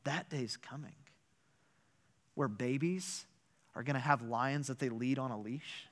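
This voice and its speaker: A man, a pastor, delivering a sermon with animated, emphatic storytelling and rhetorical questions. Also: mid-range voice, a little slow.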